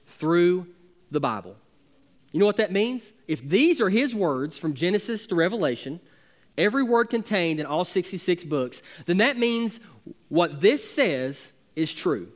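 A man, preaching a sermon as pastor with emphatic, building intensity. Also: sits high.

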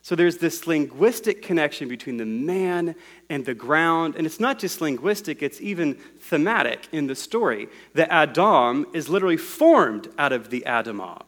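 Higher-voiced man preaching a teaching sermon. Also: lively intonation, moderate pace, fairly bright tone. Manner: explains scripture word by word in a teaching tone. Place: room with a congregation.

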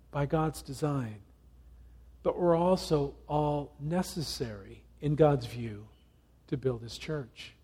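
A man preaching a sermon as pastor, earnest, pausing as he reads passages aloud. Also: high-pitched, mellow, breathy edge.

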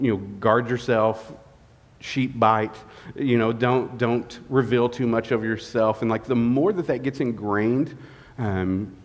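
Man, guest pastor, sermon, tired, halting with fillers, echoing church hall. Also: medium pitch, a little mellow. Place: church sanctuary. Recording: long reverb of a church hall.

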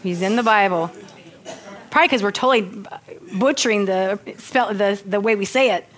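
A woman's voice: medium pitch, normal speed. A woman preaching a sermon, reading scripture earnestly and breaking into chatty, laughing asides.

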